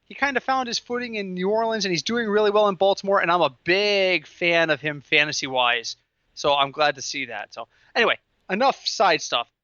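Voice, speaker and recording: A man co-hosting a football podcast, chatting casually and telling stories in an animated, excitable way. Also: high voice, fairly quick, no room sound, highs cut off. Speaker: podcast co-host. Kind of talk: casual sports chat.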